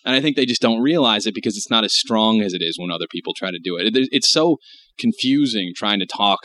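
A man's voice: fairly low pitch, expressive, fast talker, fairly bright tone. An American man rambling in casual chat, curious and full of fillers. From United States.

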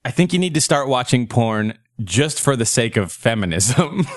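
A man in his thirties hosts a loose comedy podcast, cracking crude jokes and laughing between lines. His pitch swings up and down a lot, and the sound is dry and close with no room echo. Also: sing-song, normal speed. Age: 30s. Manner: crude joking, laughs often. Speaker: podcast host. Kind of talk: casual comedic chat.

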